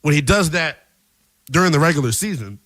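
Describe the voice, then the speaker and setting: A man's voice: on the high side, animated, brisk, a bit bright, dry recording. A man hosting a late-night sports radio show, talking loosely and conversationally, with slang. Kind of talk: casual sports talk show. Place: radio studio.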